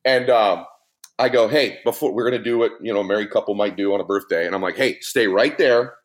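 A middle-aged man telling a story in a podcast conversation, animated and laughing, with big swings in his voice. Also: lowish voice, fast. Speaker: podcast guest, motivational speaker.

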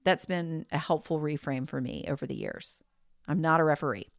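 A woman's voice: sits low, sing-song, moderate pace, vocal fry, no room sound, studio quality. A woman in her thirties hosting a solo parenting podcast, talking in a conversational way with frequent asides. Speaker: podcast host. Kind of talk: solo podcast advice talk.

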